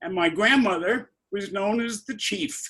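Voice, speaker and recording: A man's voice: high voice, measured pace, sharp tone. A man in his seventies from Brooklyn, interviewing a guest over a video call in an effusive, emotional way. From Brooklyn, New York. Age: 70s.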